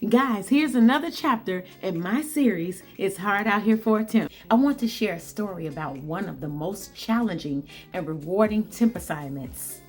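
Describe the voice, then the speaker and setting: Talking straight to camera with soft music in the background, a woman vlogger shares a work story in a chatty, repetitive way, calling her viewers "guys" and "y'all." Her medium-pitched, darkish voice is animated, at a normal speed with few pauses.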